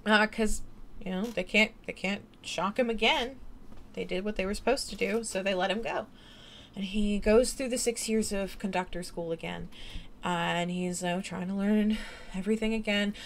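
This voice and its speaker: A woman's voice: mid-range voice, steady tone, moderate pace, a little hiss or hum. A tired woman streamer chatting late at night, rambling and giggly with lots of fillers. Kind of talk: late-night casual chat.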